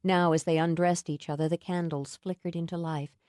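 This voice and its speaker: Romance audiobook narrator: a woman, soft and intimate, warm lower voice, dry studio. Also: little pitch movement, fairly quick, no echo. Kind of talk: scripted narration.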